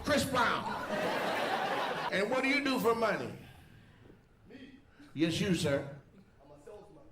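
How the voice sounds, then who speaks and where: A man doing stand-up crowd work, teasing audience members with quick-fire questions. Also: high-pitched, sing-song. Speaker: stand-up comedian. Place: comedy club stage. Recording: echoey live venue with loud crowd laughter.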